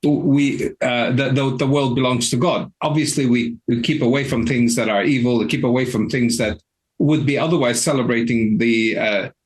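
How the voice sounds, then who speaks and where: Male Q&A host, hesitant, measured pitch. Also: fairly even intonation. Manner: halting, restarts often. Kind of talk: hosting a live Q&A.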